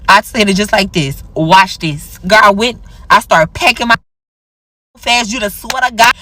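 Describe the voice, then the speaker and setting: Young woman, casual storytime, animated, jumps into high squeals for quotes. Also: a little fast, slight background noise. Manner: animated, acts out quoted dialogue with big pitch jumps.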